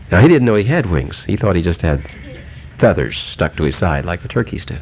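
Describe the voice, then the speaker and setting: Gravelly-voiced man telling a folksy sermon story. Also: low-pitched, expressive, normal speed. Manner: folksy, humorous, many fillers.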